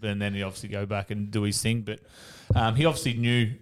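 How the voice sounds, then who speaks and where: Australian man, lowish voice, casual chat, swears a lot, laughs through stories. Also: level tone, quick pace, clean tone. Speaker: former professional footballer.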